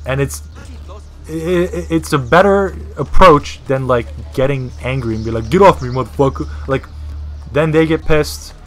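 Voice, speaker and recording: A man's voice: fairly high pitch, a little slow. A man casually commentating a video game, talking in a rambling, crude, profane way. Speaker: gameplay commentator.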